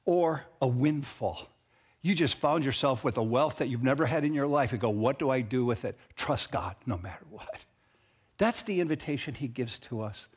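A middle-aged man, the founding pastor of his church, preaching a sermon with earnest, emphatic repetition and a husky voice. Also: a little high.

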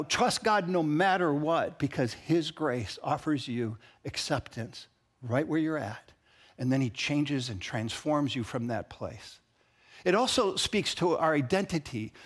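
A middle-aged man, the founding pastor of his church, preaching a sermon with earnest, emphatic repetition and a husky voice. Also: a little high.

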